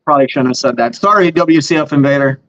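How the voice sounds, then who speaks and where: A man's voice: on the high side, fast, a bit bright. A man with a Minnesotan accent, a truck driver chatting easily as a guest on a livestream. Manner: easygoing, uses filler like "like". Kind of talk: casual chat on a livestream. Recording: dull lo-fi audio.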